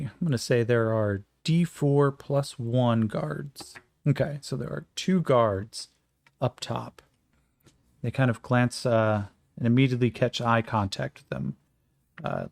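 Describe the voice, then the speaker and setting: A man narrates a solo tabletop game, casually thinking aloud between rolls. His gravelly, mid-pitched voice is recorded close and dry. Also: slow pace, darkish tone, no echo.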